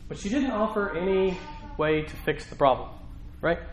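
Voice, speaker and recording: A man's voice: high-pitched, moderate pace, soft background music, poor audio. A male pastor preaching a sermon in a church, talking conversationally with rhetorical questions and emphatic repetition.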